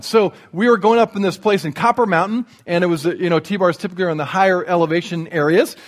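High-pitched male preacher, self-deprecating humor, church sermon. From Indiana. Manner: joking, self-deprecating storyteller. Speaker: guest preacher. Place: church sanctuary.

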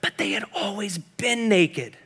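A man's voice: sits high, unhurried, a bit bright, slightly rough. A man preaching a sermon as pastor, building through long runs of repeated rhetorical questions. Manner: building repetition, rising intensity in rhetorical questions.

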